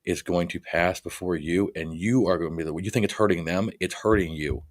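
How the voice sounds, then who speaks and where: A man with a very deep voice speaks earnestly in a casual conversation. He halts, repeats himself and leans on "you know" as he works through his point. The sound is dry and close. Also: fairly even intonation, a little fast, no echo.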